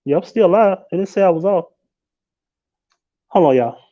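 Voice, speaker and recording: A man hosting a live stream, ranting loudly and mockingly with a lot of swearing. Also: high voice, animated, moderate pace, muffled recording. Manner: profane, loud and mocking. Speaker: livestream host. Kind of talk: casual live-stream rant.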